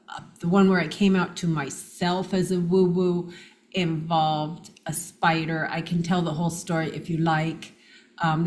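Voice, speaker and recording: Woman guest telling lively personal stories. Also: lowish voice. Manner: animated anecdotes with laughs and quoted dialogue. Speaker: interview guest. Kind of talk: personal storytelling in an interview.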